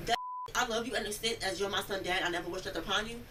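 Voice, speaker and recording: A young woman recounting an incident in an interview, telling it in a rambling, animated way and acting out the quoted speech. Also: medium pitch, very fast. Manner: animated storytelling, acts out quoted speech, many "like" fillers. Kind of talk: rambling first-person account. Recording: distant mic, noisy room audio.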